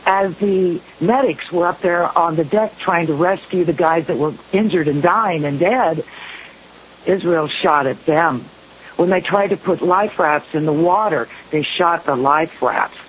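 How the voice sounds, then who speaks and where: A man's voice: on the high side, unhurried, fairly bright tone. A man hosting a talk radio show, telling a story in an earnest, conversational way, heard through a dull lo-fi radio recording with hiss.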